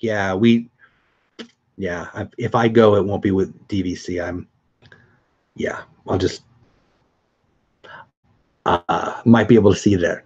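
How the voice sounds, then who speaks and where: A man's voice: lowish voice, a little slow, pauses often, a little mellow, breathy edge, highs cut off. A middle-aged man hosting a casual live stream, chatting upbeat with viewers and answering their comments.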